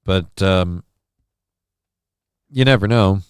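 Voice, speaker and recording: A man hosting a live stream in a low, smooth and clear voice, reading out viewer messages in a deadpan ramble full of ums and uhs. The sound is close and dry with no room around it. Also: takes it slowly, no room sound. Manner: rambling and deadpan with many fillers. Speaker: live-stream show host.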